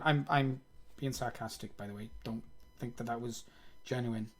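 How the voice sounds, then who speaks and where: Live-streaming his coding session, a man thinks aloud, mutters lines of code under his breath, and pokes fun at himself. He speaks at a normal speed in a mid-range voice.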